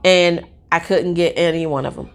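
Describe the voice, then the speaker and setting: A woman in her forties telling a personal story in a casual, rambling, excitable way with lots of fillers. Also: fairly low pitch, normal speed, vocal fry.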